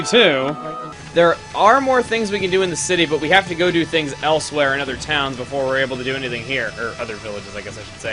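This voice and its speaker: A man giving casual, joking commentary over his gameplay, breaking into loud excited exclamations. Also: mid-range voice, fast. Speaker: let's play commentator. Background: game music.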